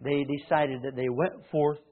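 A man preaching a sermon, shifting between loud emphatic lines and hushed low asides. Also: fairly even intonation, unhurried. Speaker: pastor. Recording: tinny phone-like sermon recording.

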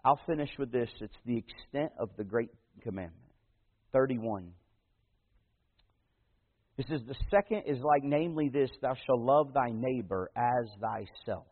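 Man, pastor, folksy sermon, loud then hushed, medium pitch, long hall echo. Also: lively intonation, a little slow. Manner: folksy storytelling preacher, swings from loud to hushed. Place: church. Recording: tinny phone-like radio broadcast in a big reverberant hall.

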